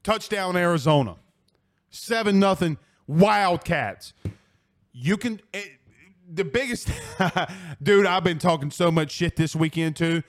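A man's voice: high-pitched, slow. A man hosting a sports talk radio show, ranting in a profane, fired-up way and hammering his points through repetition.

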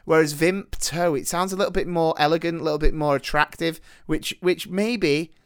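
A man co-hosting a podcast in casual chat, playful and quick to laugh, often restarting his words. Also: fairly high pitch, fairly even intonation, clean tone, dry recording, clean studio sound. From northern England. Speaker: podcast co-host.

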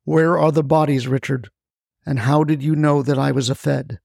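A man's voice: fairly high pitch, fairly even intonation, normal speed, gravelly, darkish tone, no echo, clean studio sound. A man voicing a blunt, commanding male federal agent. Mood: stern.

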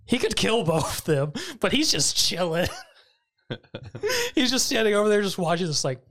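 A podcast host recapping an anime episode in casual chat, animated and often laughing, with sudden high-pitched jumps when amused. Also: measured pace.

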